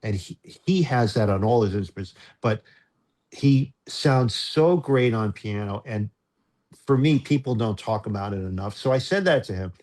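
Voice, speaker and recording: A man speaking as a guest musician in a casual interview, telling a story in a halting, self-interrupting way and getting choked up. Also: on the low side, animated, a little mellow. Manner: halting, self-interrupting, emotional when recalling.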